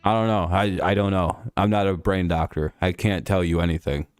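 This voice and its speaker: Low-voiced streamer ranting, crisp dry sound. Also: male voice, fairly even intonation, brisk, dry recording, faint music behind. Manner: irritated ranting, swears a lot. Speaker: live stream host. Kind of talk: casual live-stream chat over a football game.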